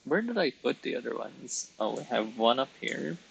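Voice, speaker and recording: A man's voice: mid-range voice, very animated, moderate pace, gravelly, a little hiss or hum, low-quality recording. A man streaming live, chatting casually while he colours, chatty and self-mocking with frequent giggles.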